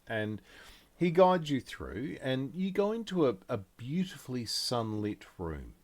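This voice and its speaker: A man narrating as game master in a tabletop game, describing scenes in a slow, rambling way. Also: mid-range voice, very animated.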